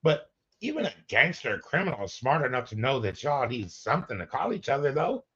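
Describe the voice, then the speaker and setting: A man's voice: medium pitch, big pitch swings, a little fast, pushed and bright, slightly rough. A man co-hosting a casual chat about police footage, joking and rambling, laughing often. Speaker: co-host reacting to police footage. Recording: dull lo-fi audio.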